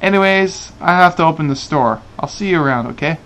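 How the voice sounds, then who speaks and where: A man voicing a shy, gentle young village girl while reading game dialogue aloud, in a soft, hesitant way. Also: fairly high pitch, lively intonation, a little fast.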